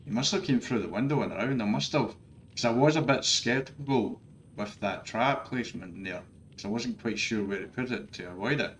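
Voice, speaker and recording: A man's voice: mid-range voice, a little fast, fairly bright tone, slight background noise. A man giving frustrated, ranting commentary over his own gameplay, swearing often. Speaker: gaming streamer.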